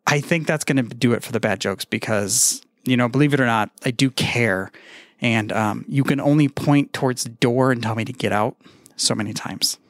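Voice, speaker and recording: A man recording a casual podcast message, telling groan-worthy puns in a deadpan, self-mocking way and swearing now and then. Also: mid-range voice, moderate pace, no room sound, studio quality. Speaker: podcaster sending a tribute.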